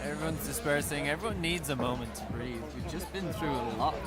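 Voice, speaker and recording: A man giving live commentary at a climbing competition, building excitement as the climb goes on. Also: on the high side, brisk. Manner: rises and speeds up excitedly during climbs. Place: outdoor climbing event. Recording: loud music and crowd behind.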